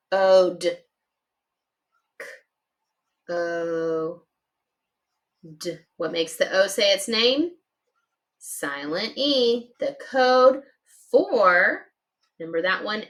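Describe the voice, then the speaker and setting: Lively sing-song woman phonics teacher. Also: medium pitch. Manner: slow, sing-song spelling out letters, cheerful praise. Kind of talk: children's reading lesson.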